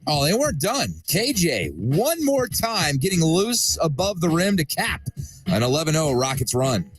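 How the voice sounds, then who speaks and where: A man narrating basketball highlights as a studio host, upbeat and setting up each clip. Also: very animated, normal speed. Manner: upbeat, hyping the next clip.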